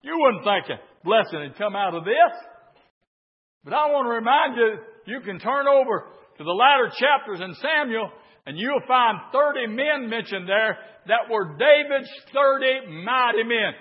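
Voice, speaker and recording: A preacher with a very high, husky voice delivers a sermon. He drops to a hush, then rises to a shout. The recording is dull and lo-fi. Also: animated, moderate pace, long reverb tail. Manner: swings between hushed talk and shouted preaching.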